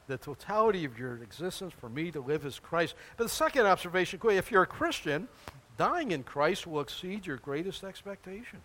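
An older man, a pastor, preaching a sermon in an animated, exclaiming way, full of rhetorical questions and quick restarts. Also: a little high.

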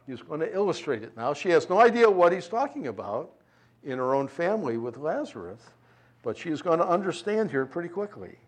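Guy preaching, fairly high voice, gets big then goes real soft, chuckles at his own asides. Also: a little fast. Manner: expressive, swings from loud emphasis to hushed tenderness; conversational asides with light chuckles. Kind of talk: sermon, reading and explaining scripture.

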